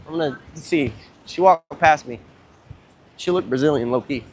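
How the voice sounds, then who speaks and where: A young man with a fairly high voice, livestreaming from a beach into a phone he carries as he walks. He talks in a loose, rambling, profane way that turns excitable as his stories build. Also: normal speed, slight background noise. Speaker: dating coach livestreamer. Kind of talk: casual livestream vlog. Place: outdoors at a beach.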